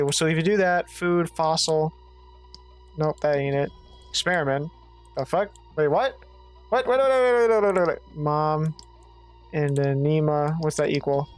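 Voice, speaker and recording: A woman streams a game, thinking out loud and swearing freely as she works through it. Her voice sits a little low, and she reads bits of the game text aloud between her muttering. Faint game music plays underneath. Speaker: gaming streamer. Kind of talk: let's play commentary.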